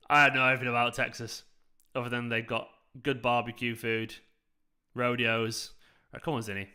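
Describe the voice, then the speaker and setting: A man hosts a live football watchalong in a bright, forward voice. He chats loosely with his viewers and breaks off to react to the match. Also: mid-range voice, little pitch movement, normal speed. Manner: chatty, reacts to the match while answering viewers. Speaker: fan channel host.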